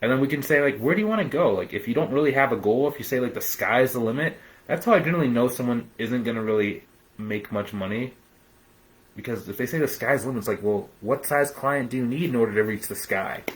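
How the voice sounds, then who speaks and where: A young man hosts a live business training in a loose, high-energy way, full of "man" and "dude". He slips into quick little voices to act out clients haggling. His pitch sits in a middle range for a man. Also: rough recording. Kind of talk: live-streamed coaching talk.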